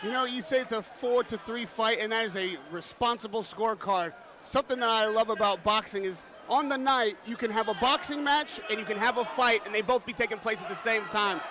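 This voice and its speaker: A man's voice: high-pitched, a little fast, few pauses, slight background noise. Articulate male boxing pundit. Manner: articulate, analytical, laughs easily. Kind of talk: live ringside analysis. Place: boxing arena. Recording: loud arena crowd behind. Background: arena crowd.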